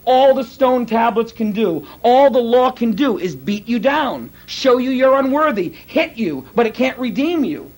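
A male pastor preaching a sermon in an animated, conversational way, acting out quotes as he goes. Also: very high-pitched, unhurried, few pauses, low-quality recording.

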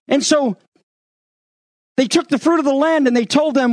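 Man, pastor, sermon, high voice, dry close sound, lively quoted asides. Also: normal speed, long pauses, no room sound. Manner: animated, acts out quotes in raised voice, sarcastic asides.

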